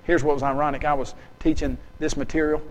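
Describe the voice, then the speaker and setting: A man giving a seminar lecture. He is lively and emphatic, acts out little dialogues and keeps firing questions at his audience. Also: fairly high pitch, fast talker. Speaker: seminar speaker. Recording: long hall reverb.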